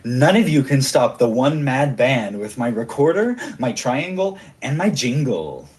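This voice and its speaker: A man's voice: mid-range voice, sing-song, measured pace, a little mellow. A man voicing a boastful, giggling male pirate first mate who plays a one-man band, taunting his foes. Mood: cocky.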